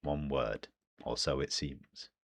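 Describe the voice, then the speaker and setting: A man with a British accent teaching English pronunciation, slowly modelling phrases one by one. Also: a bass voice, fairly even intonation, creaky. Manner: slow, deliberate modelling of phrases. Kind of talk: pronunciation lesson.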